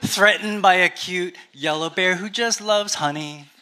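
A man, a pastor with a Canadian accent, preaching a sermon in a relaxed, conversational storytelling way with touches of humor. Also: high-pitched, unhurried, a little hiss or hum.

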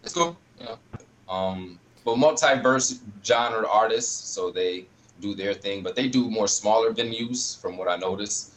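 A man's voice: fairly low pitch, a little slow, slight background noise, poor audio. A man from upstate New York talking in a laid-back, slangy, rambling way as a guest on a video call. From Rochester, New York. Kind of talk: casual video call interview.

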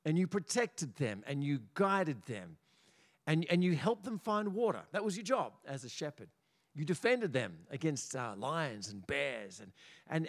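An Australian man preaching a sermon as pastor in a church, animated and often repeating small words as he builds his points. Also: a little high. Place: church auditorium.

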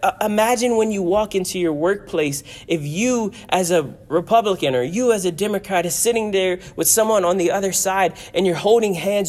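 A man's voice: sits high, darkish tone. A man preaching a sermon as pastor, earnest and repetitive, his delivery swelling and dropping for emphasis.

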